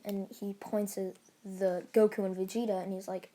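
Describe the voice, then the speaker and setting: A woman's voice: medium pitch, little pitch movement, moderate pace, hardly any pauses, warm tone. A woman casually retelling a fan story, rambling along with lots of fillers and restarts.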